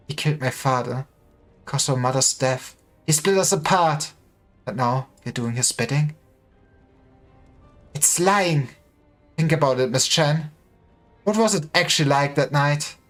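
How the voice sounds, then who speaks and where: A streamer reading a game story aloud dramatically, voicing each character in turn. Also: mid-range voice.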